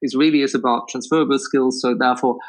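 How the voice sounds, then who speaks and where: Measured man explaining step by step. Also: mid-range voice, fairly even intonation, poor audio. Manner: measured, explanatory, many restarts. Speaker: interview guest. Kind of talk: conversational interview answers.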